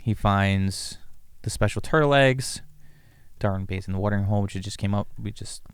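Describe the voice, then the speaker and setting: A man with a low, smooth voice in a dry, close-miked room, talking through comedy scenes in relaxed chat. He walks through the beats one at a time and drops into quick acted lines of dialogue along the way. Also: dry recording. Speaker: podcast co-host, comedy writer. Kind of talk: casual writing-room chat.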